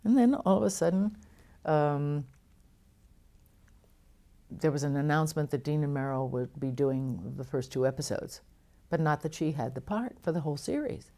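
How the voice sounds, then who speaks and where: An older actress telling lively stories in an interview, with frequent laughs and restarts. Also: female voice, low voice, normal speed, pauses often. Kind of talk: storytelling interview.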